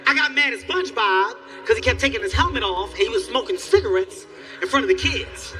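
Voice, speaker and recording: Male stand-up comic, high-pitched and sharp, animated delivery, miked on a stage some distance off. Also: fairly quick, soft background music. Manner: animated storytelling, acts out characters, yelling bits. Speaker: stand-up comedian. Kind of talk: stand-up comedy set. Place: theater stage before a live audience.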